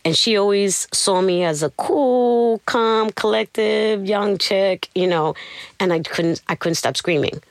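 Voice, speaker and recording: A woman's voice: medium pitch, unhurried, no echo. Candid woman recounting her past, dry sound. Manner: candid, animated, tells her story acting out what others said. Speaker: interview guest. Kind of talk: personal storytelling.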